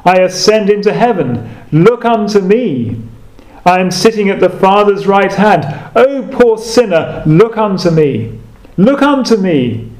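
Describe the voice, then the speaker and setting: A man voicing a rustic lay preacher with a broad Essex accent, pleading slowly and emphatically. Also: high voice, animated, darkish tone. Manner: slow, emphatic, repetitive pleading. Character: rustic male lay preacher exhorting loudly. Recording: echoey room.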